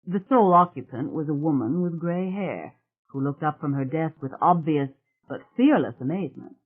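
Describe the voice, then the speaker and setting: With a medium-pitched voice, a narrator delivers a thriller novel as an audiobook, telling the story calmly and evenly. Everything sounds tinny and phone-like.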